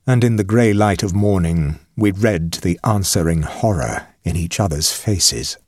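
Husky man reading a ghost story. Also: low-pitched, a little slow, dry recording, clean studio sound. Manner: expressive, lively storytelling. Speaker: narrator.

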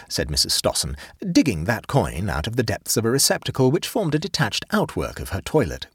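A male narrator with a husky, slightly breathy voice tells a story in a wry, measured manner. His delivery swings widely in pitch, and the recording is close and dry with no room sound. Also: wildly swooping pitch, no room sound.

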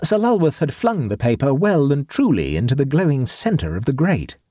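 A man narrating a classic short story aloud in a measured, lowered voice. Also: big pitch swings, darkish tone, husky, no room sound, clean studio sound. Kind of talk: audiobook reading of a classic story.

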